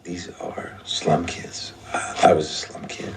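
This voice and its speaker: A man's voice: sits low, level tone, a little slow, gravelly, whispered. An actor playing a weary, injured male novelist held captive, speaking hesitantly and defensively in a film. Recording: distant, hushed film audio.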